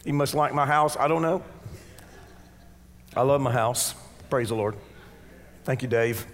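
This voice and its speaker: A man preaching a sermon with fervent call-and-response exhortation, dropping to quiet asides and rising to shouts. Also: medium pitch, a little slow. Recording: long church-hall reverb.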